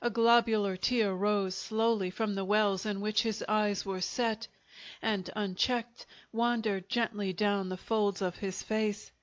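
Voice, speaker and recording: With a mid-range voice and a steady, measured manner, a woman reads out a short story as scripted audiobook narration. The recording itself is dull and low in fidelity.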